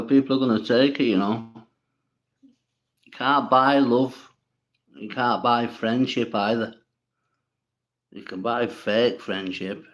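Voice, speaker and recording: Guy on a livestream, slow drawl, blunt and sweary, rambles at the comments. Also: lowish voice, fairly bright tone, dull audio. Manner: blunt, swearing, rambling, talks back to viewers. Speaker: livestream host. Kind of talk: casual livestream chat reading comments.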